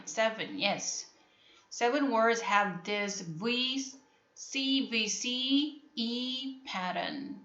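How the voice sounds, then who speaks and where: A woman with a Korean accent, a native Korean speaker, teaching an English phonics lesson to a class, repeating words slowly and checking that students understand. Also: mid-range voice, animated, fairly bright tone. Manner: repetitive, drills words and asks if students understand. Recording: echoey classroom, dull lo-fi sound.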